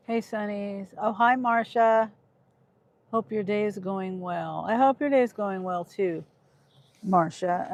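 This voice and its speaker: A woman's voice: mid-range voice, darkish tone. A woman in Kansas chatting on a casual livestream about her gig driving, reading her chat and talking in a short-tempered, trailing way. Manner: talks to chat, irritated, trailing off. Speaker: livestreaming gig delivery driver.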